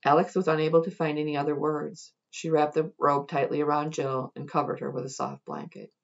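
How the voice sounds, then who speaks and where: A woman reading a passage from a novel aloud in a measured, quiet way. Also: low-pitched, lively intonation, vocal fry, dull audio. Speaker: reader at a literature event.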